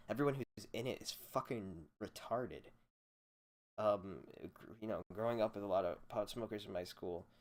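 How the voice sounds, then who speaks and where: A young man hosting a solo podcast, ranting in a profane, rambling, sarcastic way into a desk microphone. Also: lowish voice. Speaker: podcast host.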